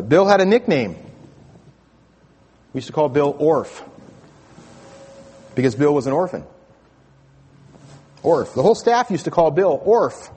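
In a church sanctuary, a pastor with a slightly high, darkish, husky voice preaches a sermon, telling stories conversationally and often restarting. A stage microphone feeds the sound booth, and the recording carries long church reverb.

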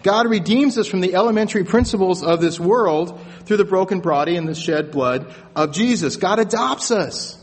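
High-voiced pastor in a reverberant church. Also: male voice, normal speed, few pauses, husky. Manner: conversational storytelling with frequent restarts. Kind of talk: sermon. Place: church sanctuary. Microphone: stage microphone with sound booth.

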